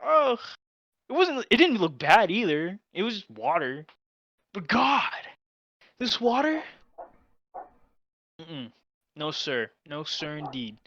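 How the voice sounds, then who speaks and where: Animated young man telling a story. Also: slow, pauses often, dry recording, dull audio. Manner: dramatic, exaggerated, swings between loud outbursts and low mutters. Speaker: guest storyteller. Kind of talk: casual storytelling.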